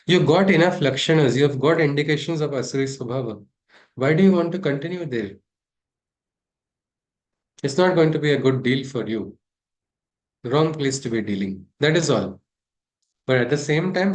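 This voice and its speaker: A man teaching a scripture class, talking things through and asking his listeners rhetorical questions. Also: medium pitch. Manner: discursive, asks rhetorical questions. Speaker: spiritual teacher.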